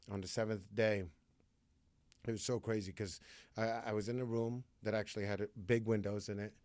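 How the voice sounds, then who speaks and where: A man hosting a candid podcast conversation, his voice sitting low as he tells his story with blunt, profane directness. The sound is close and dry, with no room around it. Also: no echo. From New Jersey. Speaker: podcast host. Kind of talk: candid recovery podcast talk.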